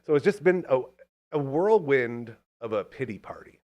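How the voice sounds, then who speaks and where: A man hosting a podcast in casual chat, talking in an animated, fired-up, rambling way. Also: medium pitch, moderate pace. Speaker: podcast host.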